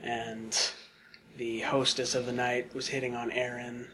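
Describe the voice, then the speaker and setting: A man's voice: mid-range voice, little pitch movement, a little slow, fairly bright tone, slight background noise. A man telling a long casual story on a podcast, rambling with lots of fillers and asides. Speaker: podcast guest.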